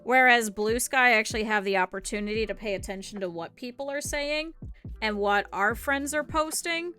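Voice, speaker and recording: While streaming her needle-felting work, a young VTuber from northern Ohio, US, rambles and thinks aloud, chatting casually in a Midwestern accent. She speaks at normal speed in a slightly high, bright voice with a forceful, smooth tone over soft background music.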